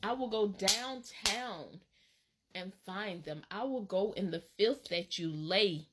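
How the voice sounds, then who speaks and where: A woman from Alabama, telling a casual storytime in an animated, dramatic way with laughs. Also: mid-range voice, slow, slightly rough. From Alabama, USA. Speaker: vlogger.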